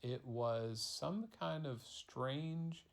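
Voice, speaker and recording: Slow gravelly man telling a story. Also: medium pitch. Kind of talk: improvised bedtime story.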